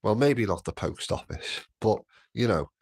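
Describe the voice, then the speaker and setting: A man's voice: on the low side, lively intonation, moderate pace, creaky, a little mellow, husky. A middle-aged man hosting a casual live stream, rambling, swearing and repeating himself as he reads the chat.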